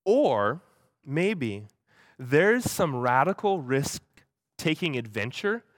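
A young man with a slightly high, sing-song voice tells a story at a church gathering, tripping over repeated words. He animatedly voices the people he quotes, recorded dry in clean studio sound.

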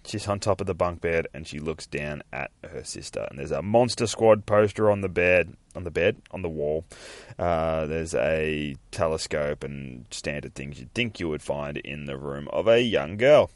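A man's voice: very deep voice, normal speed, no room sound. A man hosting a comic book podcast, casually describing panels aloud with plenty of swearing and offhand remarks. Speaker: podcast host.

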